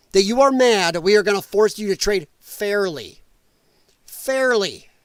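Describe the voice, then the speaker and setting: A man's voice: sits high, no echo. A man streaming casual political commentary, profane and combative, who mocks opponents in whiny put-on voices. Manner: profane, combative, sarcastic ranting.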